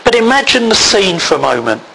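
A man preaching a sermon, reading scripture aloud in a measured way. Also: high voice, sing-song, pushed and bright, a little hiss or hum, rough recording. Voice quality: gravelly.

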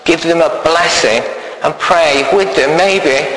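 A man's voice: on the high side, takes it slowly, a bit bright. A man giving an informal sermon in a church, chatty and peppering his talk with "yeah?" questions. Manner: chatty, keeps adding "yeah?" tag questions. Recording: echoey church hall with long reverb.

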